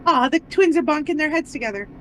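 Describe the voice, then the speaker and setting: Teasing woman streamer, lively voice. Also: sits high, slight background noise. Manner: teasing, joking, quick banter. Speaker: streamer playing a game. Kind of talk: casual chat over gameplay.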